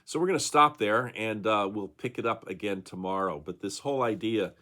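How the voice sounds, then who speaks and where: A man's voice: fairly low pitch, fairly quick, sharp tone. A male pastor giving a conversational daily devotional talk, with frequent fillers and tag questions.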